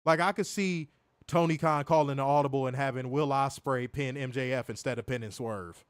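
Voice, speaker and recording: A man's voice: medium pitch, fairly quick, clear, resonant tone, no room sound. A man co-hosting a casual online show, talking bluntly with frequent swearing and reading viewer comments aloud. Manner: blunt, profane, reads chat comments aloud. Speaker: co-host of a wrestling review show. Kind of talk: casual chat.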